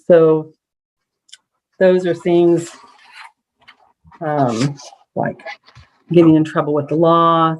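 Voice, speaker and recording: A presenter at an advisory council meeting, explaining survey data slide by slide in a measured way with frequent ums and small restarts. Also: medium pitch, darkish tone, rough recording.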